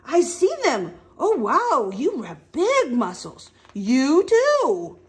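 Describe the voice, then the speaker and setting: A woman reads a picture book aloud to young children, pausing to ask them questions and make the animal sounds. Her voice is high and swings widely in pitch. She speaks very slowly and clearly. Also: huge pitch swings. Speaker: storytime reader.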